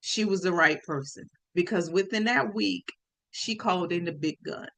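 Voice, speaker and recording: A woman telling a personal story on her podcast, lively and speaking straight to her listeners. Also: on the low side, moderate pace. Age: adult.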